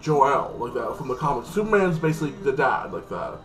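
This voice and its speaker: A man rambles through a casual recap of a TV episode, stacking fillers and restarting his sentences. His voice sits back from the microphone. Loud music plays under him the whole time. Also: medium pitch, very animated, fairly quick. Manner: rambling, filler-heavy, lots of "like". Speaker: TV episode reviewer. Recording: distant mic with loud music.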